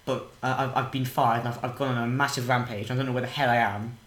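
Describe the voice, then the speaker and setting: Fast-talking rambling English guy. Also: medium pitch, flat delivery, fairly bright tone. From England. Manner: rambling, silly, swears a lot. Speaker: podcast co-host. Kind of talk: joking gameplay chat in character. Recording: echoey room with faint noise.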